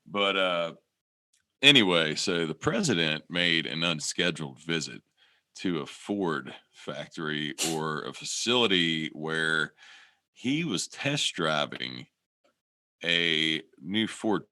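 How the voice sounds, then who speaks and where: A man's voice: extremely low pitch, very animated, takes it slowly, pushed and bright, dry recording. A man co-hosting a podcast in casual chat, rambling and swearing a lot, often restarting his sentences. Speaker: podcast co-host.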